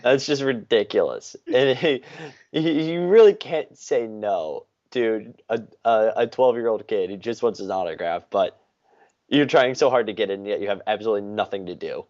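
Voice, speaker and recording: A man's voice: fairly low pitch, moderate pace, darkish tone. A man co-hosting a podcast, reacting with amusement in casual chat. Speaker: podcast co-host. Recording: slightly dull lo-fi audio.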